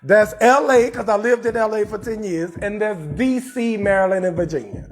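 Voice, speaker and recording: High-voiced New Orleans man roasting loudly. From New Orleans, USA. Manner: loud, profane, shouting bursts, drawn-out punchlines. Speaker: comedian hosting a live show. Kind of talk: live-streamed comedic roast rant.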